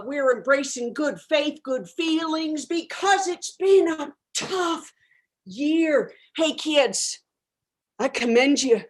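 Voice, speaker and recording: A woman playing a flaky, self-absorbed new-age guru of sex and spirit, rambling dreamily in improvised character comedy over a video call from a bedroom. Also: high-pitched. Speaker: improv performer. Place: home bedroom.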